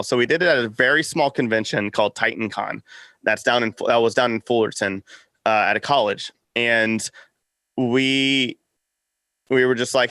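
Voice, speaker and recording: A man in casual interview chat tells stories with animated energy. He acts out what people said and laughs often, at a medium pitch. The recording is close and dry. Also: normal speed, no room sound. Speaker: podcast network founder, guest.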